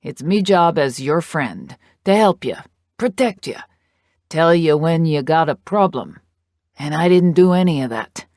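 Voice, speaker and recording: A woman's voice: low voice, expressive, unhurried, a little mellow, dry recording, clean studio sound. A woman reading out a remorseful male biker's letter to his friend, heartfelt and blunt, with swearing.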